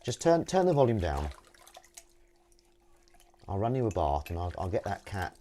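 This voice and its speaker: Over the sound of water and clinking dishes and cutlery, a man hosts a casual kitchen livestream from home, washing up and joking with viewers. His low, dark-toned voice swings widely in pitch at a normal speed as he rambles chattily with jokey asides.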